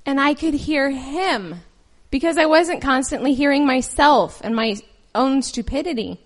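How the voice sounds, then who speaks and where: A woman's voice: high voice, unhurried. A woman reading scripture aloud, then preaching in an earnest, conversational way with personal stories. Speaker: lay preacher.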